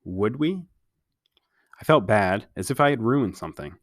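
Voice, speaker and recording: A man reading a novel aloud as a storybook reader, in a calm, even narration. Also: on the low side, fairly quick, no echo, clean studio sound.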